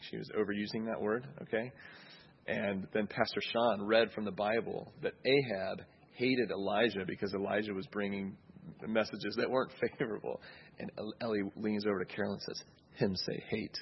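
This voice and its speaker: A man's voice: lowish voice, steady tone, a little fast, lo-fi sound, a little hiss or hum. A man preaching a sermon in a conversational way, checking in with listeners as he goes. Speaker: pastor.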